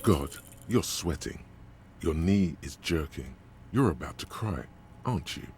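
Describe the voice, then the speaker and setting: A detective's inner voice narrating a game, as an actor voices it: extremely deep and drawn out, with a slow, ominous, taunting delivery. Faint music plays underneath. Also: male voice, lively intonation, darkish tone, slight background noise, heavily acted. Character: the male inner voice of a detective's mind.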